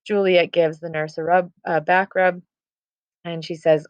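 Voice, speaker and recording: Young woman explaining a play scene all casual, lowish voice, dull dry recording. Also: flat delivery, a little slow, clear, resonant tone, dry recording. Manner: casual retelling with many "like" and "um" fillers. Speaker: teacher. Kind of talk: casual lesson summary.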